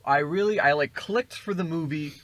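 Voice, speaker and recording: A man's voice: fairly high pitch, moderate pace, a bit bright, dry recording. A man casually recapping a film plot in a rambling, jokey way. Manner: rambling, jokey retelling with acted quotes.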